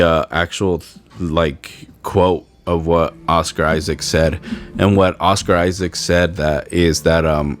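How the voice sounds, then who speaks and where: A man hosting a podcast, talking in a rambling, conversational way with fillers and restarts. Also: low-pitched. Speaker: podcast host. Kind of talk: casual podcast chat.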